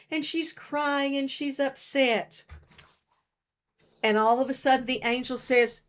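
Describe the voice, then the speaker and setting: A woman's voice: high-pitched, unhurried. A woman leading a children's story hour in a church, retelling a story while acting it out with her fingers and showing a craft.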